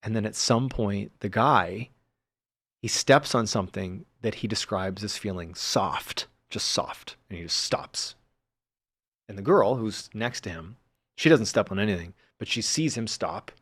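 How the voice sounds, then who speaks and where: A man, a podcast guest, telling a story in a relaxed, casual way, filling his talk with fillers as he builds suspense. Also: lowish voice, moderate pace, breathy edge, no room sound.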